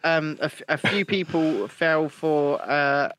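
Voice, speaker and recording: A man's voice: on the high side, takes it slowly, fairly bright tone. A man hosting a live stream, sweary and laughing often in casual banter. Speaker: podcast host.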